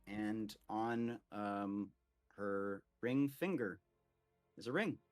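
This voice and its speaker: Slow, low-voiced male game master. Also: darkish tone, faint music behind. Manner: casual, rambling, many "like" fillers. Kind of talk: narrating a tabletop game.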